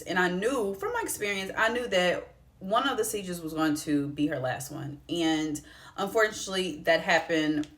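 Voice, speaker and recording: Her voice lowish and a little bright, a young woman shares an emotional personal story on her vlog. She's conversational and uses slang, sounding tearful and heartfelt throughout.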